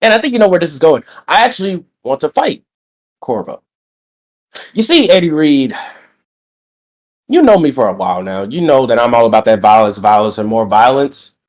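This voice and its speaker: A man's voice: mid-range voice, moderate pace, long pauses. Hyped young man cutting a wrestling promo. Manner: boastful, lively, stretches greetings out. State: recovering from being sick.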